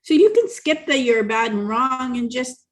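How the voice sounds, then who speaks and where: A woman's voice: a little high, lively intonation, normal speed. Chatty woman co-hosting a coaching show. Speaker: co-host. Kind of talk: casual coaching talk show. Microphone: video call.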